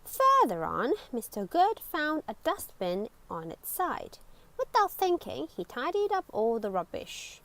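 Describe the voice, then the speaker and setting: Slow, lively woman reading to children. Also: high voice, rough recording. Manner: expressive, with dramatic whispers and exclamations. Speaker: storybook reader. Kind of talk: reading a children's picture book aloud.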